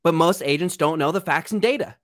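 A man's voice: a little high, fairly quick, fairly bright tone, no room sound, studio quality. A man, a real estate coach and podcast guest, explaining his ideas boldly and emphatically. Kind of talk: podcast interview.

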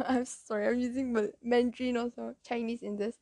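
Malaysian english girl rambling through a story, kinda high voice, dry close sound. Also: level tone, brisk, hardly any pauses, dark tone, no room sound. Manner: chatty, rambling, with self-corrections and Malaysian slang. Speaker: vlogger. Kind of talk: casual storytelling.

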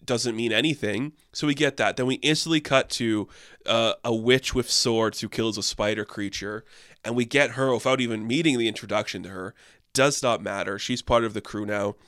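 A man's voice: mid-range voice, moderate pace, a bit bright, no echo, clean studio sound. A young man giving a casual, sarcastic movie review, rambling and exasperated, with lots of filler words.

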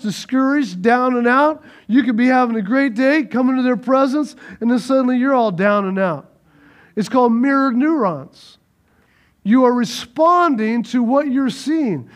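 High-voiced animated male preacher. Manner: animated, swings between loud urging and soft hushed tones; repeats phrases, calls out "come on" to the congregation. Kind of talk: sermon.

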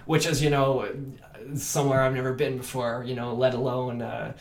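A man from Canada whose first language is French, chatting as an actor in an interview, animated and full of restarts. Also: mid-range voice, moderate pace, vocal fry. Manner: animated, many restarts and fillers. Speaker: actor and podcast guest. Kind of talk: casual interview chat. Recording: echoey room.

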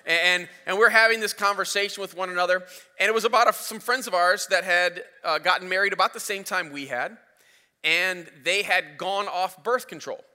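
A man in his thirties preaching a sermon as a pastor, telling a story in an animated way, his voice rising as it builds. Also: high-pitched, brisk. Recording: reverberant hall.

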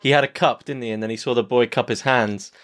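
A man's voice: medium pitch, steady tone, fast talker. A man hosting a podcast interview, asking questions in a tentative, informal way. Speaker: podcast host. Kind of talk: casual interview chat.

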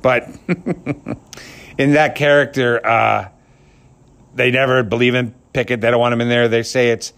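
A man's voice: mid-range voice, fairly even intonation, measured pace, vocal fry, pauses often, a bit bright. A man giving a casual, opinionated sports rant, rambling and crude, mocking people and laughing at his own jokes. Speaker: sports commentator.

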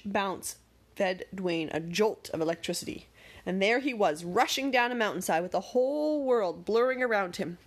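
Woman reading a kids story out loud, dramatic pacing, middle pitch. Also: lively intonation, moderate pace. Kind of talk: storybook narration.

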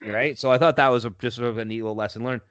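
A man's voice: mid-range voice, fairly even intonation, rapid-fire, a bit bright, no room sound. Profane laughing storyteller man, dry lo-fi sound. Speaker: podcast co-host telling a story. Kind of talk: casual storytelling chat.

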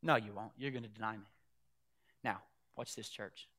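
A male pastor preaching a sermon, telling a Bible story with acted-out dialogue and swings from shouts to hushed tones. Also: fairly low pitch, moderate pace.

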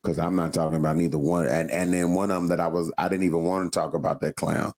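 A man's voice: low voice, flat delivery, fast, darkish tone. A man co-hosting a podcast, telling a wrestling story in slangy casual chat, laughing often. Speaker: podcast co-host.

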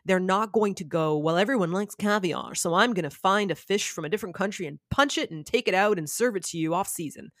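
A woman guest on a podcast, telling stories in a lively, casual way and filling her talk with "like.". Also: on the low side, fairly quick, hardly any pauses, no room sound, studio quality. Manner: animated storyteller, says "like" a lot. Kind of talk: casual chat.

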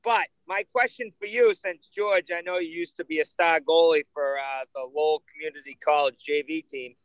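A man's voice: fairly high pitch, fairly even intonation, normal speed, smooth, no room sound, poor audio. A man, co-hosting a casual sports talk show in a joking, teasing way. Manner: joking, teasing, mock call-in. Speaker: podcast co-host.

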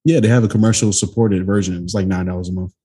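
A man co-hosting a podcast, firing back quick reactions and banter in casual chat. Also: low-pitched, steady tone, warm tone, slightly rough. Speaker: podcast co-host.

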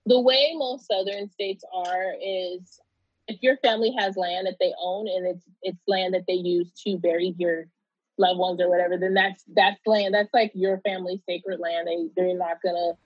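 A woman's voice: lowish voice, fairly even intonation, normal speed, no room sound. Candid woman telling a story, dull dry sound. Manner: loose and candid, many fillers and restarts. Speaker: interview guest. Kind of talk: casual conversational storytelling.

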